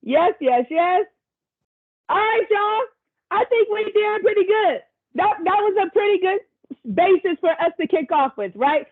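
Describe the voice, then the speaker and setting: A woman's voice: very high voice, animated, unhurried. A woman presenter facilitating a virtual workshop over a video call, chatty and encouraging, with casual asides to the group. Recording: tinny video call audio.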